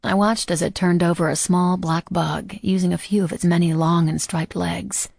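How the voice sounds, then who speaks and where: Woman reading an audiobook, low husky voice, quiet and measured, dry sound. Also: fairly even intonation, no echo. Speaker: audiobook narrator. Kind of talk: first-person audiobook narration.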